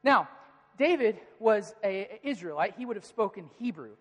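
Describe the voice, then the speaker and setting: Preacher telling a story, jokey and lively, talks to the crowd, long echo in a big church. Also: medium pitch, normal speed. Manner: animated, playful, addresses congregation. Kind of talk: storytelling sermon. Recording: reverberant hall.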